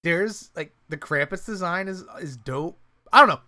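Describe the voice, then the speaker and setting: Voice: mid-range voice, normal speed, sharp tone. A podcast co-host chatting casually about a horror movie, rambling with lots of fillers and restarts, swearing freely and laughing often.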